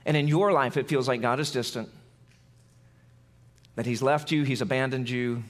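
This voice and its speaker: A man preaching a sermon in a conversational way, acting out quotes and dropping low and quiet for emphasis. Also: steady tone, normal speed. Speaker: pastor.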